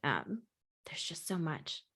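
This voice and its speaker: A woman narrating as game master for a tabletop game, describing the scene and trailing off softly. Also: low-pitched, wildly swooping pitch, slow.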